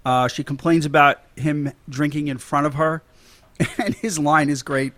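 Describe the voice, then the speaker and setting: A man talks through a film scene on a podcast in a loose, chatty way, full of "you know"s and quick laughs. His voice sits a bit high for a man. The sound is close and dry, with no room around it. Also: steady tone, fairly bright tone, no echo. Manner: chatty, laughs often, many fillers and restarts. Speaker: podcast host. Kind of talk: casual movie commentary podcast.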